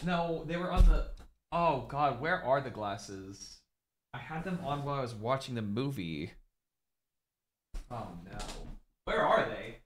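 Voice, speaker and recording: A man chatting casually with viewers on a live stream from home, rambling and excitedly thanking people. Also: mid-range voice, unhurried, long pauses, a little hiss or hum.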